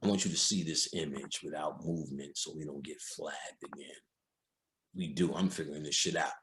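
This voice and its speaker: A man's voice: very deep voice, fairly even intonation, moderate pace, fairly bright tone. A man giving a casual, profane commentary on a film, talking straight to his viewers as an occult lecturer.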